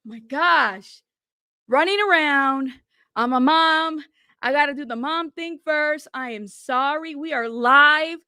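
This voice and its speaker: A woman's voice: sits high, takes it slowly, sharp tone, no echo, clean studio sound. A woman hosting a casual live stream from home, chatty and apologetic, constantly thanking her viewers and calling them "y'all.".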